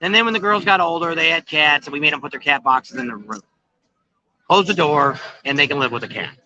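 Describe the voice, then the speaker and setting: A man's voice: fairly high pitch, brisk, crowd noise. A middle-aged man hosting a casual livestream from an outdoor patio, rambling in a folksy way with many fillers. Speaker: vlog host. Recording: dull lo-fi phone stream.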